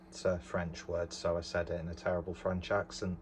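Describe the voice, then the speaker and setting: A man's voice: deep voice, level tone, normal speed, hardly any pauses, a little hiss or hum. A man chatting casually through a beer review at home, rambling with lots of fillers and self-deprecating asides. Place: bedroom at home. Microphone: camera on tripod.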